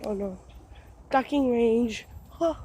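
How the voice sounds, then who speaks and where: A woman vlogging on a nature trail, out of breath and deadpan, listing what she walks past. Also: fairly high pitch, slow, poor audio. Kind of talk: casual vlog narration while hiking. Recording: faint outdoor background noise.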